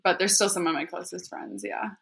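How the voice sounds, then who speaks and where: A woman's voice: lowish voice, steady tone, brisk, creaky, crowd noise. A woman guest on a podcast, chatting casually and laughing often, with a lot of "like" in her speech. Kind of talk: casual chat.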